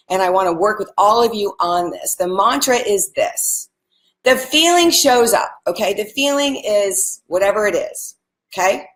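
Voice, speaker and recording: A woman's voice: mid-range voice, a bit bright. A woman giving a live spiritual talk, speaking earnestly and straight to her viewers and repeating phrases like mantras. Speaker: spiritual teacher. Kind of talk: live-streamed motivational teaching.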